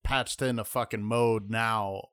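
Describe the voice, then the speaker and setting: A man's voice: on the low side, steady tone, a little slow, a bit bright, clean tone, dry recording, clean studio sound. A man co-hosting a podcast, chatting casually in a blunt, profane way. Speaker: podcast co-host.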